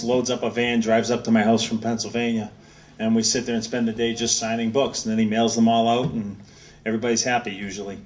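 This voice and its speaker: A middle-aged man from Massachusetts talks to a bookstore crowd in a loose, animated, anecdotal way. His voice is of ordinary pitch and sounds distant, as if picked up from across the room. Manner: animated, rambling storyteller. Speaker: author speaking at a book signing. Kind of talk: anecdotal talk to an audience. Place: bookstore event space. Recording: voice heard from a distance.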